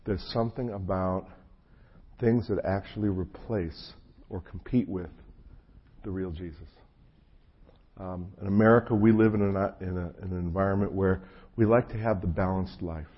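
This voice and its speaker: The preacher, a New Jersey pastor, has a low, steady, slightly rough voice and talks at normal speed. His sermon is casual and story-driven, folksy and self-deprecating with plenty of asides, and a frog in his throat; the recording is muffled and lo-fi with a faint hum.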